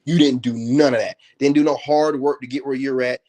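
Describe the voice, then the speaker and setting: A man delivering a confrontational, mocking commentary rant in slangy speech, his voice climbing higher in heated outbursts. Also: fairly even intonation, brisk, darkish tone. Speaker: self-help commentator. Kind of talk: ranting commentary.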